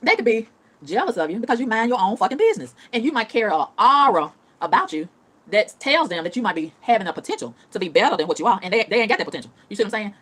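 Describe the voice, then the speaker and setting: Woman ranting super fast, cussing, voice jumping all over the place. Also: mid-range voice, very animated, a bit bright, slightly rough. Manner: profane, emphatic, repeats phrases for punch. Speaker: vlogger. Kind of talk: casual rant to camera.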